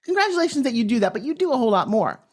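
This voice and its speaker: A woman guesting on a podcast as a pitch coach, giving advice in an emphatic, salesy way with punchy phrasing. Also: big pitch swings, very fast, darkish tone, slightly rough. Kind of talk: energetic podcast interview advice.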